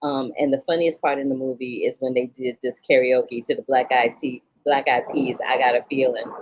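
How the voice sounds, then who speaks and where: Low-voiced woman critic, chatty and emphatic. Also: fairly even intonation, moderate pace, darkish tone, dull audio, a little hiss or hum. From St. Louis, Missouri. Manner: emphatic, slangy asides to listeners. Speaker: film critic and podcast host. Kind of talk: casual film review chat.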